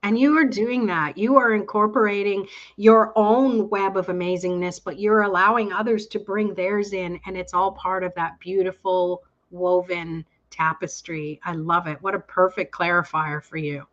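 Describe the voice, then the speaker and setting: A woman hosting a live online tarot reading, chatting warmly with viewers and reading their cards aloud. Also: mid-range voice, steady tone, dull audio. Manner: enthusiastic, reads cards aloud slowly. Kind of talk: casual live chat. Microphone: online call audio.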